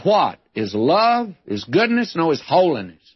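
A man's voice: fairly high pitch, unhurried, breathy edge, dry recording. An older man teaching through the Psalms in a radio Bible lesson, reading verses with rising emphasis, on a dull old recording. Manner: lively, reads scripture with rising emphasis.

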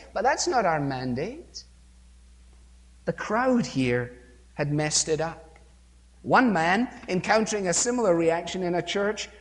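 A man preaching a sermon, emphatic, with rhetorical questions and acted-out quotes, recorded in a church with a long reverb. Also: high voice.

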